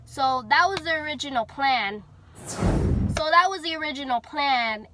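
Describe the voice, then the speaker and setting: Against a noisy background, a young woman from Houston, Texas, spins a casual personal tale for her vlog. Her high-pitched voice is animated and measured, and she talks chattily, using lots of fillers and acting out quoted lines.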